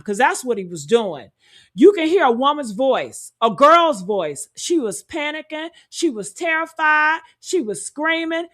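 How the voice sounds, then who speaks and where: A woman talks through a true-crime story in a high voice at an unhurried pace. She leans on rhetorical questions and speaks to her audience as honey and y'all. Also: fairly bright tone. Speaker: commentary host. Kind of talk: true-crime commentary to viewers.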